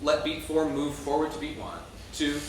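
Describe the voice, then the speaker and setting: Leading a choir rehearsal, this man talks through the music in an animated, fairly high voice at a normal pace, often saying um and starting over. It's captured on a distant mic in a heavily echoing room with a little noise.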